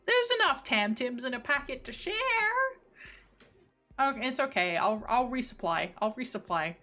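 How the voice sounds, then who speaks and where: A woman's voice: a little high, big pitch swings, normal speed, sharp tone. A young woman from the United Kingdom streaming, chatting casually in a rambling, giggly way that trails off into mumbles. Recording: faint background music.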